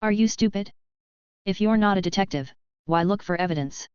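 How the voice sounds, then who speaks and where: A woman's voice: medium pitch, normal speed, a little mellow, smooth, no echo, dull audio, lightly acted. A woman reading a curt, cold young swordsman. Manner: curt, offhand. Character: cold, blunt young male fighter.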